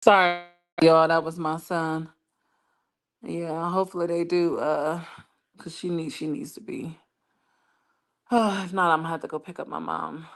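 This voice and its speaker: A woman's voice: low-pitched, expressive, measured pace, pauses often. A woman hosting a livestream, gossiping in a brash, profane, laughing way. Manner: brash, profane, laughing, lots of "child" and "baby". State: injured foot. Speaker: livestream host. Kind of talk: casual gossip chat.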